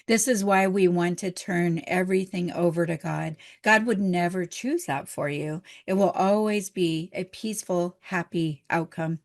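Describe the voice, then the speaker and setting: A middle-aged woman minister giving a gentle, encouraging, conversational sermon. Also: on the low side.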